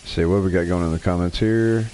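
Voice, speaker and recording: A man's voice: sits low, steady tone, a little fast, warm tone, slight background noise. A man with a slight Southern US accent hosting a casual gaming livestream, chatty and joking as he narrates his play. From Wyoming, USA. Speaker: livestream host.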